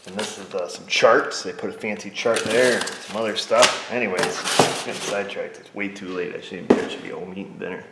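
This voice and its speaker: In his repair shop bay, a mechanic with a fairly low voice talks briskly and barely pauses, rambling and joking to himself as he works through a repair and sometimes whispering up close. Background noise is heavy.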